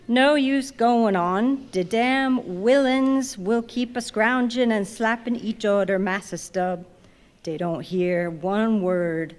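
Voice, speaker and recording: A woman voicing a grumbling ninety-year-old male ship's cook who preaches in a slow, drawling dialect. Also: medium pitch, close to an everyday voice. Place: large museum reading hall. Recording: long reverb in a big hall.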